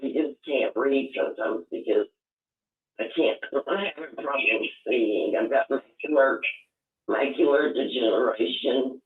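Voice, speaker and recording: A man calling in to a live talk show, speaking in a heartfelt, halting way. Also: mid-range voice. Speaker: caller. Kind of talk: call-in show chat. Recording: tinny phone line, echoey.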